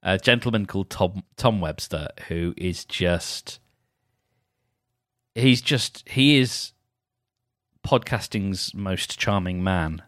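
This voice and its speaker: A man's voice: deep voice, slow pace, pauses often, fairly bright tone, dry recording, clean studio sound. A man hosting a solo podcast, chatting in a meandering, self-deprecating way. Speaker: podcast host. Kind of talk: rambling solo podcast chat.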